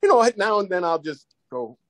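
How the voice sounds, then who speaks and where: A man tells a long, rambling anecdote on a podcast, circling back and restarting as he goes. His voice sits a little above the usual male range, and his delivery is loose and animated. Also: sits high, normal speed. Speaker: podcast guest. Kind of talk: casual storytelling.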